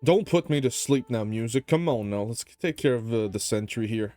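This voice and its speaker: A man's voice: mid-range voice, animated, moderate pace, warm tone. A worn-out man hosts his gaming video, talking loosely about his day and his plans. His voice is sleepy and easygoing, with a joking, rambling way of talking. Faint music plays underneath. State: tired. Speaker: gaming channel host. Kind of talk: casual gameplay commentary.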